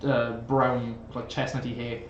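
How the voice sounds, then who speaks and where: A man's voice: medium pitch, little pitch movement, measured pace, slight background noise. A man, casually narrating as game master with many fillers. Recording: echoey room, dull sound.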